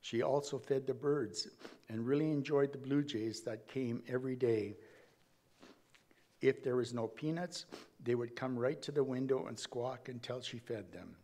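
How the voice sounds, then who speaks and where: A man delivering a eulogy in a church, reading carefully from prepared notes. His voice sits in an ordinary middle pitch, and he stumbles and restarts now and then. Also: dark tone. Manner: measured, reading aloud with small slips and restarts. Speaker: family member giving a eulogy.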